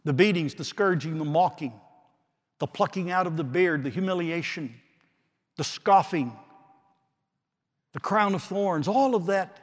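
A man preaching a sermon with slow, dramatic delivery and long pauses, swinging from forceful declarations to hushed, quiet phrases. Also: a little high. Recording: long reverb of a large hall.

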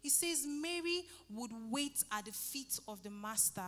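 A woman's voice: sits high, lively intonation, measured pace, fairly bright tone, big-room sound. A woman, preaching a sermon and leading an altar call, pleading fervently and repeating her phrases. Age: 30s.

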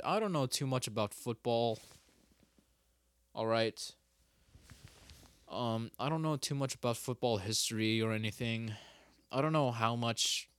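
A man's voice: lowish voice, a bit bright, dry recording, studio quality. A young man hosting a casual solo podcast, rambling and stopping himself mid-sentence, cursing freely. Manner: rambling, self-interrupting, swears a lot. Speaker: podcast host.

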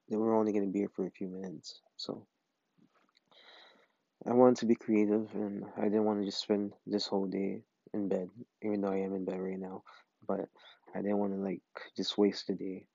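A man's voice: lowish voice, gravelly, warm tone, no echo, dull audio. A man hosting a casual solo podcast from his bed, rambling with many fillers and hesitations. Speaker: podcast host. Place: bedroom, in bed.

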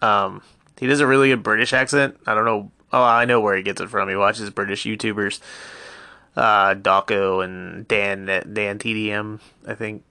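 A man in his thirties hosting a casual solo podcast at home, rambling and swearing through a deadpan mock ad with pets around him. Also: fairly low pitch, normal speed, smooth, no echo. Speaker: podcast host.

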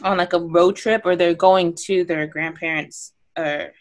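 A woman's voice: fairly low pitch, unhurried. Chatty young woman ranting about a movie. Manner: animated, filler-heavy, exasperated rants. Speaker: podcast co-host. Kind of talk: casual chat.

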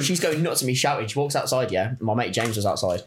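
A man's voice: mid-range voice, quick pace, a little hiss or hum. A young man, telling rowdy anecdotes in casual chat with friends, swearing and laughing often. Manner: animated, swearing, bursts of laughter.

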